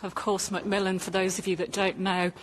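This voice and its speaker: A woman's voice: mid-range voice, flat delivery, a little fast, slight background noise. A woman films on a handheld phone while walking through empty hospital corridors, indignant and urging viewers to look. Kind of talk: handheld walk-through video rant.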